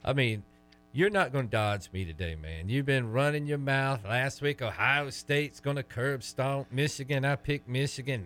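A man's voice: mid-range voice, normal speed, fairly bright tone. A man with a Southern American accent co-hosting a sports radio show, needling his partner in argumentative banter. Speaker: radio co-host.

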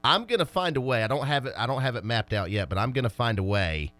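Quick-talking, laughing male sports cohost. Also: medium pitch, expressive, a bit bright. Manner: quick, laughing, defensive comebacks. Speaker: sports radio co-host. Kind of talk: casual sports talk banter.

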